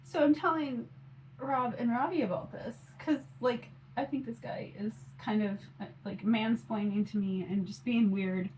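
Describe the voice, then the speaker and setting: A mom vlogger in her forties chats casually into her phone camera while doing her makeup, rambling with plenty of fillers. Her voice sits on the high side, moves at a moderate pace, and sounds a little mellow. The recording is low quality, with slight background noise.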